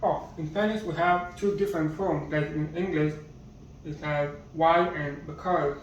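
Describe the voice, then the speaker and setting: A man giving a casual vocabulary lesson, halting and searching for words as he lists them one by one. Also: on the high side, steady tone, a little hiss or hum. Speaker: language teacher. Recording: echoey room, distant muffled mic.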